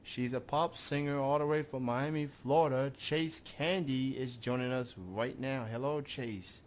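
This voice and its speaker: A man hosting an internet radio show, interviewing a caller in a relaxed, halting way with many fillers. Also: mid-range voice. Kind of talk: casual call-in interview.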